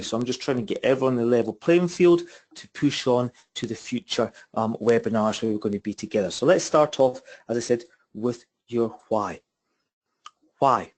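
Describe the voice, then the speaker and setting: A man presents a property investment webinar as a mentor, his medium-pitched voice a little mellow. Talking through a computer mic on the call, he's chatty and repetitive, posing rhetorical questions to his listeners.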